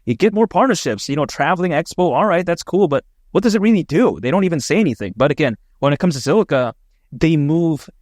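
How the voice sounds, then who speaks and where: A fairly high-pitched man with a darkish tone speaks fast and animatedly as he hosts an opinionated crypto commentary video. It's casual and enthusiastic, full of fillers, recorded dry with clean studio sound.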